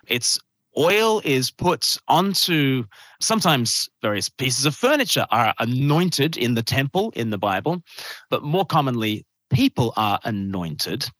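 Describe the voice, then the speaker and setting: Man, evangelist, fervent preaching, rhetorical questions, animated pitch, dry close sound. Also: dry recording. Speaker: evangelist and minister, podcast guest. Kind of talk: preaching reading and explanation.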